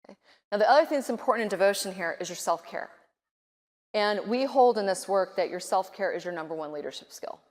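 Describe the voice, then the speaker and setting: Animated woman giving a keynote in a hall. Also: mid-range voice, fast. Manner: animated, acts out nervous inner voices. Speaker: keynote speaker. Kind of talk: conference keynote speech. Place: large conference hall. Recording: reverberant conference hall.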